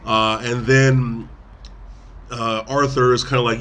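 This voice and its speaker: A man's voice: medium pitch, level tone, takes it slowly, a bit bright. Rambling podcast host man. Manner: rambling, many fillers and restarts. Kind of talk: casual movie review chat.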